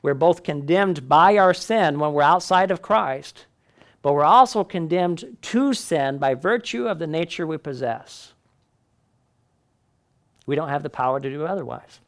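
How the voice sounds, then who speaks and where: A man's voice: fairly high pitch, animated, measured pace. A man teaching a Bible class in a conversational way, often checking in with the listeners.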